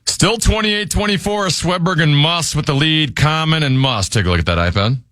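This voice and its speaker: A male radio host runs a word game, calling scores and turns in a brisk game-show manner. His delivery moves a lot in pitch, and the sound is dry and close. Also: expressive, a bit bright, no room sound.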